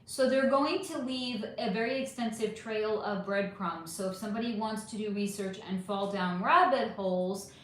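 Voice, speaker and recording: Chatty woman streamer, echoey room. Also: medium pitch. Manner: chatty, animated, answers viewer comments one by one. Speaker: livestream host reading chat. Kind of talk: casual livestream chat.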